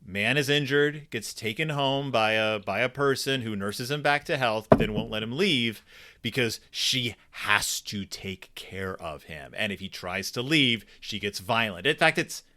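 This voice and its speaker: A man's voice: mid-range voice, measured pace, bright, forceful tone. A man co-hosting a casual book discussion podcast, thinking aloud with plenty of fillers and restarts. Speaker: podcast co-host.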